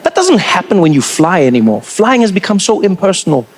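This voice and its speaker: A man with a South African accent performing a lively stand-up comedy routine and acting out other people's voices. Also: high-pitched, fairly quick, slightly rough.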